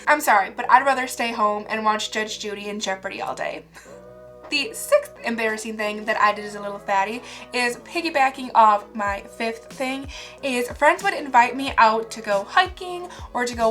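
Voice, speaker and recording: A woman's voice: fairly high pitch, a bit bright. Chatty self-mocking young woman. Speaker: vlogger. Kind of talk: casual storytelling to camera.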